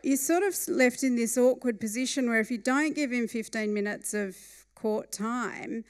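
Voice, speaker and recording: A woman telling a funny true story at a live storytelling night, with a wry and lively manner. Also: on the high side, normal speed, clean tone.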